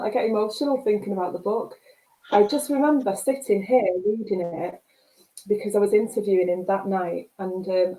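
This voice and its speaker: Mancunian woman, book club host; emotional, rambling, mellow tone, echoey room. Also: mid-range voice. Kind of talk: casual video chat. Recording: roomy echo.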